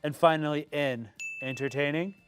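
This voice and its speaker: A man's voice: a little high, moderate pace, soft background music. A man co-hosting a casual movie-review chat, talking loosely with frequent fillers and laughs. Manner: chatty, laughs often, uses lots of fillers. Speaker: podcast co-host.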